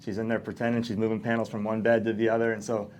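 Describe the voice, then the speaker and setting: A man hosting a casual podcast conversation, speaking earnestly and backing up his guest with steady agreement. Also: fairly low pitch, rapid-fire, slight background noise. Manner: earnest, frequent affirming interjections. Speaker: podcast host.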